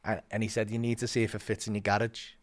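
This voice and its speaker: A man telling a story as a comedian guest, swearing a lot and acting out quotes with big swings in loudness. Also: on the low side, little pitch movement, fast talker. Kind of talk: animated storytelling.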